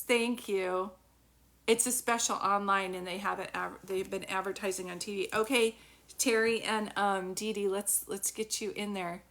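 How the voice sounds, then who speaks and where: A chatty woman medium talks through a story on a live stream, speaking into her phone. Her voice sits at an ordinary middle pitch, and she keeps stopping to thank viewers by name before picking the story back up. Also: fairly bright tone. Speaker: psychic medium.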